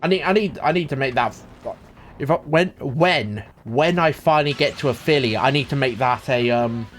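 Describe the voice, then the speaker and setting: A man's voice: mid-range voice, moderate pace, fairly bright tone, soft background music. A young man live-streaming a game, rambling and ranting with lots of restarts. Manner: rambling, self-interrupting, ranting. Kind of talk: casual live-stream chat while gaming.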